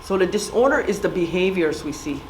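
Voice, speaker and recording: With a lowish voice and lively intonation, a middle-aged woman briskly tells stories and asks audience questions at a community presentation. She's recorded far away in an echoey room, and slight background noise is audible.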